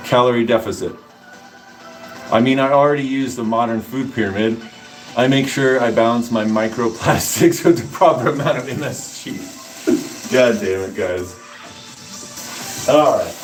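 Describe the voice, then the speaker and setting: A man casually explaining nutrition to his livestream chat between workout sets, rambling and joking with viewers. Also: medium pitch. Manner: rambling, answers chat, jokey asides. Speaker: fitness streamer.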